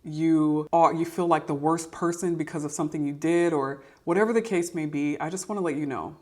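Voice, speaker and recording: A woman's voice: low voice, fairly quick, a little mellow. A young adult woman sharing a personal faith testimony to camera, earnest and encouraging. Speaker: podcast host sharing testimony. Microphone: camera mic.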